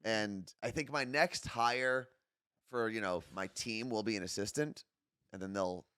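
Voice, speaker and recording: A man's voice: lowish voice, unhurried, bright, forceful tone, clean tone, no echo, studio quality. A man co-hosting a casual morning show, joking and poking fun at himself. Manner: joking, self-mocking. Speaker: podcast co-host.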